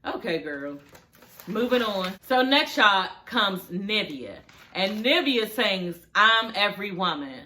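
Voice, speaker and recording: A woman's voice: medium pitch, sing-song, slow, sharp tone, slight background noise. A woman giving a blunt, sassy, casual reaction review of a TV show, swearing freely. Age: adult with a daughter.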